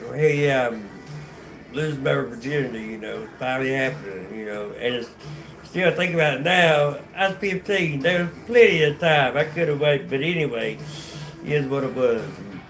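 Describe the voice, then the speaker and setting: A man with a North Carolina accent telling his life story on a casual livestream, rambling and profane, with many restarts and fillers. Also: mid-range voice. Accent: North Carolina Southern.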